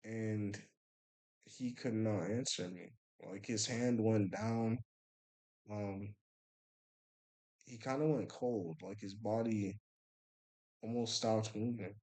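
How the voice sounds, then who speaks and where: A young man with a slightly low voice tells a story late at night, sounding worn out. He rambles and stumbles through restarts and fillers as he goes, in a loose, casual vlog manner. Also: slow, pauses often, darkish tone, rough recording. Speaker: vlogger.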